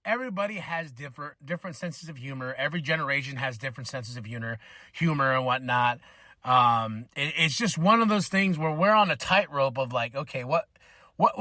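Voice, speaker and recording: Guy in his 30s ranting on his podcast, high bright voice, cusses a lot, dry close mic. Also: moderate pace, dry recording. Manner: animated, swearing, acts out quoted voices. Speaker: podcast host. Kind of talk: casual rant.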